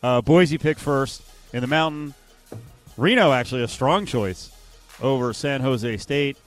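A man co-hosting a sports radio show, chatting casually with animated asides. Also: medium pitch, unhurried, soft background music.

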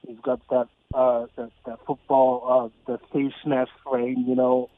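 Male radio caller, halting and repetitive, tinny dry phone line. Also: medium pitch, little pitch movement, no room sound. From Southern California. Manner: halting, repeats words while thinking. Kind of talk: phone-in call.

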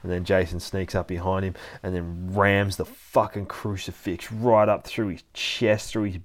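A man with a low, heavy voice talks through a comic book issue panel by panel. He swears constantly, gets excited by the action and breaks into laughter often. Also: moderate pace. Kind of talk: casual comic book recap.

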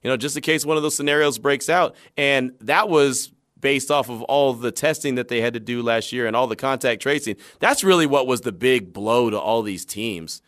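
A man's voice: medium pitch, moderate pace, few pauses. A man hosting a sports talk show, chatting conversationally about football news and sometimes acting out quotes. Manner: conversational, animated storytelling with acted asides. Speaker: sports radio host.

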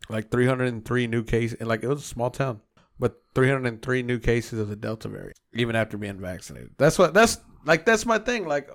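A man's voice: mid-range voice, a bit bright. A man co-hosting a podcast in casual, crude banter, rambling and swearing and laughing often. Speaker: podcast co-host.

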